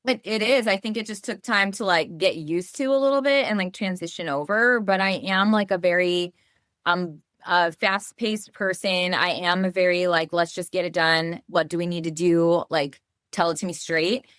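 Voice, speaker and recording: Chatty woman, lowish voice. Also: normal speed, a bit bright, dry recording, studio quality. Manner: chatty, full of "like" fillers. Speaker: guest. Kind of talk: casual interview chat.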